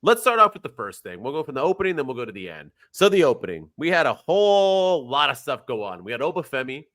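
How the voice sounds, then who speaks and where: A man's voice: on the high side, sing-song, quick pace, a bit bright. A man co-hosting a casual wrestling podcast, talking animatedly and firing off questions at his co-host.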